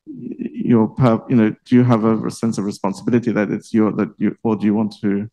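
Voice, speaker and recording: A man's voice: on the low side, expressive, fairly quick, mellow, low-quality recording. A man moderating a panel discussion at a book launch, chatty and laughing often. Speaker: event host. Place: library event room.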